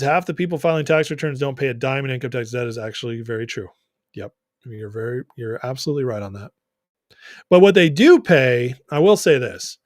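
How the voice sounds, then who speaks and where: A man's voice: mid-range voice, no echo, clean studio sound. A young man hosting a political livestream, reading viewer comments and giving his opinions in a casual, conversational way.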